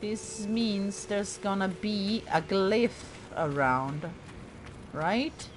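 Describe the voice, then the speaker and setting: A woman's voice: medium pitch, very slow, noisy background. A woman hosting a let's play, chatting through her gameplay in a self-mocking way and talking to the game characters. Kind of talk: casual gameplay commentary.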